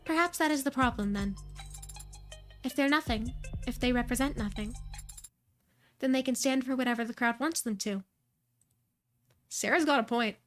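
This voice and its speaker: A woman's voice: a little high, normal speed, long pauses, fairly bright tone, faint music behind. A woman streamer reading a visual novel's dialogue aloud, voicing every character in a near-plain voice and adding brief asides.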